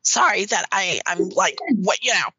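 A woman's voice: mid-range voice, moderate pace, bright, forceful tone, husky, no room sound, low-quality recording. A woman being interviewed about her work as a dominatrix. She talks bluntly and emphatically and swears freely. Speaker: dominatrix guest. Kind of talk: candid interview talk.

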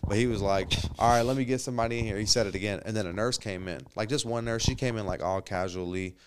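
A man's voice: lowish voice, quick pace, slight background noise. A young adult man casually telling a story as a podcast guest, acting out what people said and swearing freely. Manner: animated storyteller, acts out quotes, swears freely.

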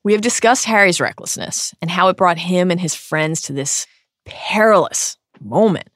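A woman's voice: fairly low pitch, lively intonation, moderate pace, a bit bright, no echo, studio quality. A woman co-hosting a podcast, talking through a story with emphatic, emotional reactions. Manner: emphatic, emotional reactions with a loose profane edge. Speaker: podcast co-host. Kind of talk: casual podcast discussion.

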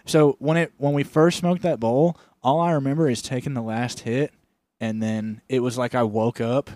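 A man's voice: medium pitch, fairly even intonation, moderate pace, a little mellow, dry recording. A young man co-hosting a podcast, telling loose stories in casual, slangy chat full of swearing. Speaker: podcast co-host. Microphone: studio microphone.

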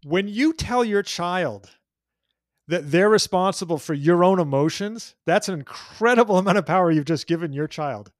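A man's voice: sits high, animated, moderate pace, dry recording, clean studio sound. A man speaking as a guest in a casual chat, earnest and emphatic, often repeating words as he starts a thought.

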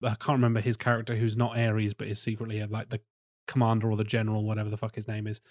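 A man co-hosting a film podcast in casual chat, rambling, swearing casually and often trailing off quietly. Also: on the low side, monotone, very fast, no echo, studio quality. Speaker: podcast co-host.

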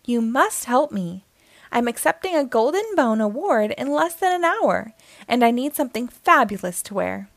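A woman's voice: on the high side, sing-song, normal speed, vocal fry, no echo. A woman voicing a glamorous, dramatic movie-star poodle in a storybook reading.

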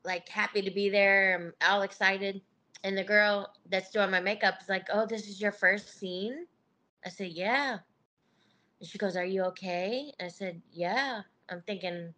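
A middle-aged woman tells candid stories as a guest in a casual podcast interview, laughing often and acting out what others said. Her medium-pitched voice is a little slow, with a sharp tone.

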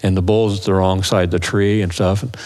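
A man's voice: low-pitched, brisk. A man casually telling a hunting story, acting out elk calls and the voices of his companions. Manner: animated, acts out calls and voices.

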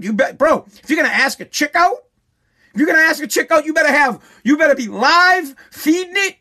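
A man's voice: very high-pitched, pushed and bright. A man hosting a show, delivering a heated, profane opinion rant and repeating phrases for emphasis.

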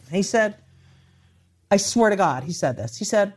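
A woman's voice: medium pitch, sing-song, normal speed, slightly rough. Profane, ranting woman in casual chat. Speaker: comedian.

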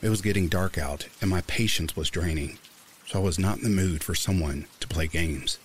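A man narrating creepy true stories in a calm, steady storytelling manner. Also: low-pitched, moderate pace, a little hiss or hum.

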